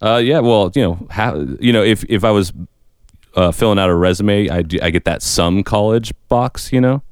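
A man's voice: fairly low pitch, normal speed, clean tone, dry recording, clean studio sound. A young man co-hosting a podcast, talking in a rambling, chatty, self-deprecating way. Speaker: podcast co-host. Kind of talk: casual chat.

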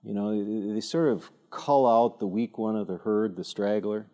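A man giving an informal talk at a church evening, telling stories with self-deprecating humor and frequent halting restarts. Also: on the low side, dark tone. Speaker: speaker at a church teaching evening.

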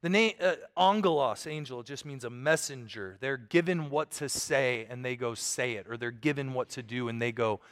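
A man in his thirties, a pastor preaching a sermon with animated storytelling. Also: medium pitch, moderate pace, few pauses, long reverb tail. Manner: animated storytelling, acts out voices.

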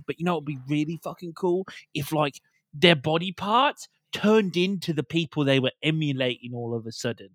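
A man with a bright, fairly high voice, ranting hard and swearing constantly. He co-hosts a casual podcast and sounds dry and close to the mic, with no room sound. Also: a little fast, no room sound. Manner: ranting, heavy swearing, exasperated. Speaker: podcast co-host. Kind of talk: casual podcast review chat.

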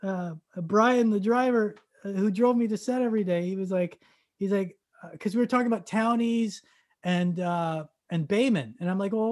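A man from Canada telling a story in casual chat, acting out the dialogue and bursting into loud excited shouts. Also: high voice.

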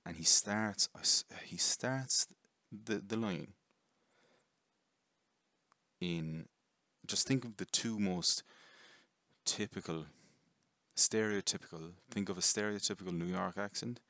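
A man's voice: sits low, slow pace, bright, forceful tone, no echo, clean studio sound. A young man rambling casually through a jokey film review, swearing and correcting himself often.

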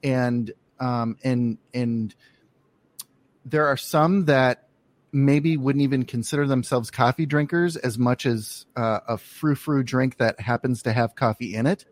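This is a man hosting a relaxed interview, with a mid-pitched voice of ordinary brightness. He talks loosely, piling up "um"s and restarting his sentences as he works his way to the question. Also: measured pace. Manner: hesitant, lots of fillers and restarts. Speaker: podcast host. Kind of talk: casual interview chat.

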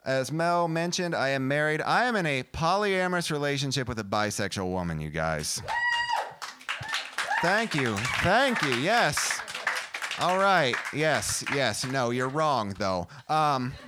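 A man doing a stand-up comedy set, animated and profane, with punchlines that rise to shouts. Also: medium pitch, unhurried. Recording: noisy live club recording.

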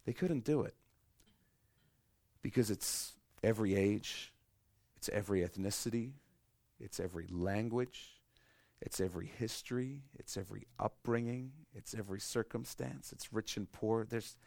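A creaky, fairly low voice belongs to a middle-aged pastor preaching unhurriedly, with no room sound. He pokes fun at himself in his stories and shifts between loud emphasis and soft, quiet parts.

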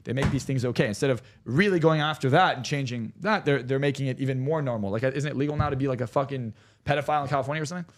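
A man, a hypnotherapist on a podcast, telling stories in a rapid, animated and profane way. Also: medium pitch. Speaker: hypnotherapist guest. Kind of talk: casual podcast chat.

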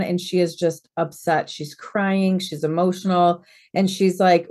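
Woman, 40s, slightly low voice. Chatty interview guest who acts out the dialogue in her stories. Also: normal speed. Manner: lively storyteller who acts out quoted dialogue. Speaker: real estate broker, podcast guest. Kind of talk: conversational interview storytelling.

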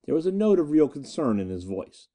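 A man narrating a first-person adventure story with an expressive, dramatic reading. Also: fairly high pitch, brisk. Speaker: audiobook narrator.

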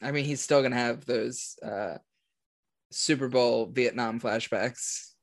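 A man's voice: mid-range voice, slow. A young man chatting casually about football predictions, thinking aloud with lots of fillers and restarts. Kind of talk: casual sports chat.

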